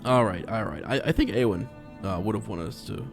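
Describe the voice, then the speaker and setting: Low-voiced man in a halting podcast chat. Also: creaky, over music. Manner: halting, many restarts, laughs easily. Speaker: podcast co-host. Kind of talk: casual book discussion chat.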